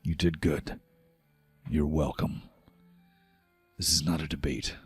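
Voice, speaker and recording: A gruff old chieftain in a fantasy game, put on by a man, dropping into a low, clipped voice. He gives orders and won't debate. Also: steady tone, takes it slowly, faint music behind, heavily acted. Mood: stern. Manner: curt and stoic. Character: stern, stoic old male warrior chieftain.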